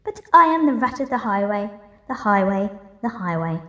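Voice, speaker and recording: A woman voicing a greedy, boastful male rat highwayman in a gruff, swaggering voice, reading a picture book aloud. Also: big pitch swings, normal speed, a bit bright. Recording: roomy echo, distant mic.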